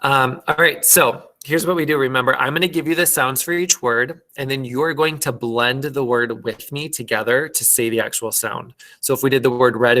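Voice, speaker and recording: A man's voice: medium pitch, a bit bright. A man with a Minnesotan accent, teaching fourth graders an online class and patiently sounding out words. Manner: slow, patient, sounding out phonics.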